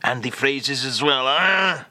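A man voicing a suave, world-weary French crooner with a thick French accent, speaking in a slow, languid drawl. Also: mid-range voice, expressive, bright, forceful tone, no room sound, full character voice.

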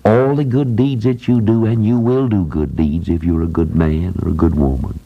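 A man's voice: deep voice, steady tone, normal speed, narrow, tinny audio. An older man preaching a sermon in a plain folksy way, repeating phrases for emphasis. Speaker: preacher who runs a Christian school.

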